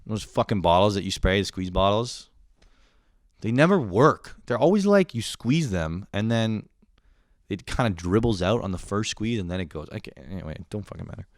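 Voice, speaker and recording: A young man hosting a podcast, ranting in a comedic monologue. He curses a lot and sounds irritable and self-mocking, with sudden loud outbursts that drop to low mutters. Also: moderate pace, no echo, clean studio sound. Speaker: podcast host.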